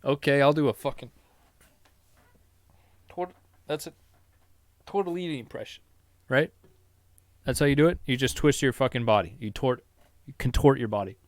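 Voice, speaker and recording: A man's voice: medium pitch, normal speed, long pauses, dry recording. A man hosting his own solo podcast from his basement, rambling, mocking himself and swearing freely. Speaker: solo podcast host and YouTuber. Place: home basement.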